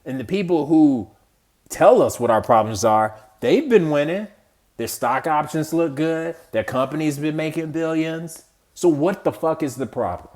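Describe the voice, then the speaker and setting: A male podcast host with a higher-pitched, darkish voice and lively intonation speaks at normal speed. In a solo political rant, he sounds heated and exasperated, using casual slang and swearing.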